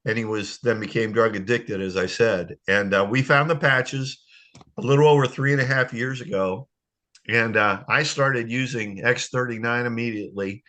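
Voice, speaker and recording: An older man telling a personal testimony on a video call, halting and choked with emotion. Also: medium pitch, fairly even intonation, sharp tone. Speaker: guest sharing a testimony.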